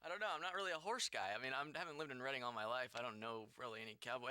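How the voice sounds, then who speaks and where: A man joining a game stream, bantering in a joking, animated way. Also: mid-range voice, racing, clean tone, no echo, studio quality. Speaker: stream co-player. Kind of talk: casual chat on a game stream.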